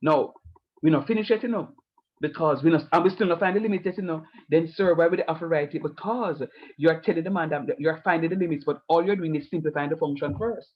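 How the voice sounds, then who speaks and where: A man's voice: on the high side, fast talker. A man teaching a math class, explaining each step patiently with playful asides. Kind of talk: online math lesson. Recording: lo-fi online class audio.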